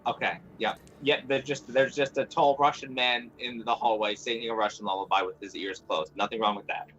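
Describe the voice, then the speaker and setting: A man playing a tabletop game, talking in an excitable, argumentative, jumpy way. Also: medium pitch, fairly quick, highs cut off, a little hiss or hum. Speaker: player. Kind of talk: casual tabletop role-play chat.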